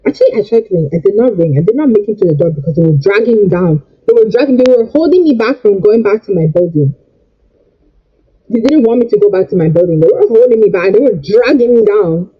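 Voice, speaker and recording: A man's voice: high-pitched, expressive, quick pace, husky, muffled recording, faint music behind. A young man telling a storytime rant in an agitated way, repeating and stumbling over his words. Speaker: vlogger.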